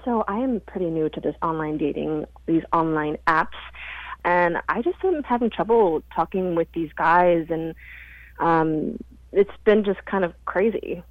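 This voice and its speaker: A woman's voice: lowish voice, a little slow, dry recording. Hesitant woman calling in by phone. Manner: hesitant, rambling. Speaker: caller. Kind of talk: phone-in question. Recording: dry tinny phone line.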